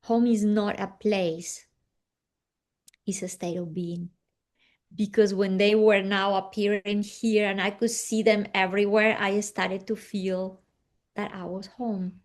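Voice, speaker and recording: A woman guest telling a personal story in an interview, soft and reflective, often dropping to a hushed tone. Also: mid-range voice, level tone, slow.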